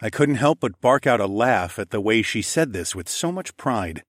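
A man reading an audiobook chapter in first person, steady and expressive. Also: on the low side, moderate pace, no echo, studio quality. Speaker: audiobook narrator. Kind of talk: scripted first-person narration.

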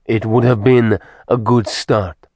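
A man's voice: medium pitch, steady tone, slow pace, darkish tone, no room sound. A male narrator voicing an arrogant demon lord who makes cold, gloating threats.

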